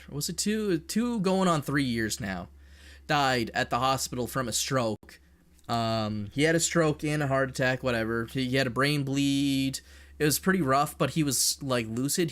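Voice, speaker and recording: A man's voice: mid-range voice, a bit bright. Blunt swearing man ranting. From Canada. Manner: blunt, profane, heated opinion talk. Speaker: streamer. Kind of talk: casual streamed rant.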